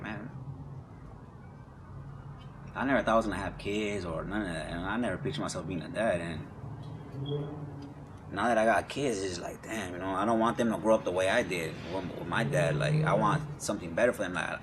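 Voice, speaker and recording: A man's voice: low-pitched, a little fast. A young man telling his life story in a candid interview, talking in street slang, repeating words and acting out what others said. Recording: noisy background.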